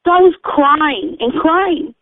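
A woman with a high-pitched, animated voice tells a personal faith testimony at a slow pace, rambling earnestly and often correcting herself. The recording has no echo but a tinny, phone-like radio sound.

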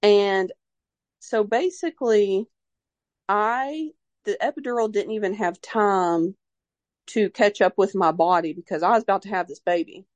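Telling the story of giving birth, a young woman speaks at a measured pace in a medium-pitched, darkish voice, rambling and filling her speech with "like." She sounds emotional and religious, and the lo-fi recording has no room sound.

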